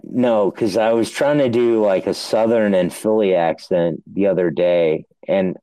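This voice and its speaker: A man co-hosting a podcast, talking in slow, hesitant, rambling casual chat. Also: deep voice, dark tone, no echo, low-quality recording. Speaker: podcast co-host.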